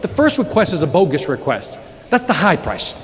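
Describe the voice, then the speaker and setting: A man giving a live motivational sales keynote, telling stories with sudden loud outbursts. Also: fairly high pitch, big pitch swings, moderate pace, faint music behind. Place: large conference hall with audience. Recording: reverberant hall, audience noise.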